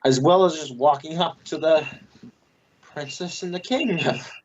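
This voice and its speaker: A man narrating a tabletop game as game master, blunt and brisk, swearing casually. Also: on the high side, dull audio.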